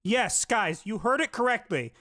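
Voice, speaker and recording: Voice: medium pitch, expressive, normal speed, sharp tone. A host of a commentary show, talking sarcastically and mockingly to the audience. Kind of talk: comedic commentary.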